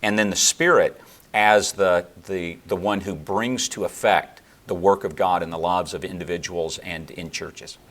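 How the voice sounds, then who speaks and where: A man with a very low voice explains church history and doctrine in a measured, lecturing way. He pauses with fillers and restarts as he thinks, building long explanations. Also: fairly even intonation, fairly bright tone. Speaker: theologian guest. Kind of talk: explanatory interview answers.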